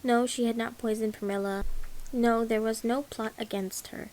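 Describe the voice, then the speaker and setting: A woman reading a novel aloud as an audiobook, in an even, unhurried way. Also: on the high side, low-quality recording. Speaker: audiobook reader. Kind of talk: audiobook narration.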